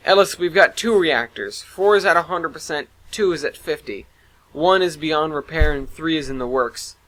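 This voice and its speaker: Man playing a female starship engineer, blunt, matter-of-fact, bright voice. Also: fairly high pitch, normal speed, voice pushed up, natural voice, poor audio. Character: blunt woman engineering officer.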